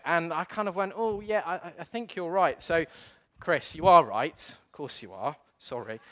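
A man preaching a playful sermon, getting the congregation to join in and joking at his own slips. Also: high voice. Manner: lively, playful, self-deprecating. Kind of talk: sermon with audience participation. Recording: long hall reverb.

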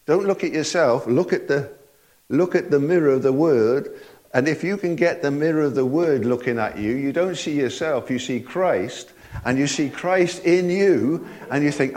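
A man's voice: fairly high pitch, moderate pace, a little mellow. An older man preaching a sermon in a folksy way, chuckling often and asking his listeners rhetorical tag questions.

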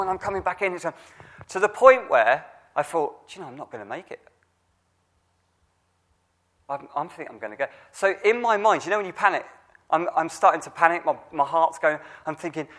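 A man with a fairly high voice delivers a sermon. He talks conversationally, often restarting his phrases as he tells a story to the congregation. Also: fairly bright tone. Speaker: preacher.

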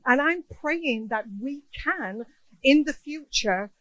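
A middle-aged woman delivers an emotional sermon, bringing the people in her stories to life with lively quoted voices. Her voice sits a touch high, and the close microphone gives it a dry, roomless sound. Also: slow, no room sound, poor audio. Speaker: guest speaker.

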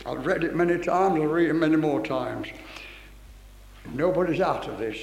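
An older man preaching a fervent Pentecostal sermon, reading scripture aloud and exclaiming with excitement. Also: on the high side, a little slow, vocal fry, long pauses. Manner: fervent, exclaiming, breaks into song. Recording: echoey hall reverb.

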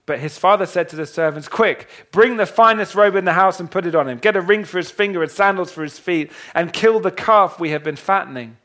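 A man preaching a sermon, retelling a parable in a dramatic way that swings from hushed to loud. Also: high voice, fairly quick, few pauses. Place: church hall with a congregation.

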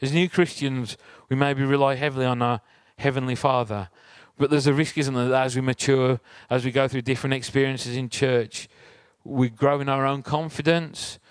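A man's voice: mid-range voice, fairly even intonation, moderate pace, few pauses, clean tone, no echo. Man preaching in a chatty tone. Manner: chatty, asks the audience rhetorical questions. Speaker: church speaker. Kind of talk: conversational sermon with personal story.

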